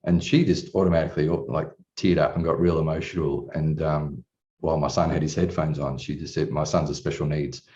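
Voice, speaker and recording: A man's voice: a bass voice, fairly even intonation, a little fast, darkish tone. A man in his forties telling his personal story as a coaching client, candid and rambling, with casual swearing. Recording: distant, dull room recording.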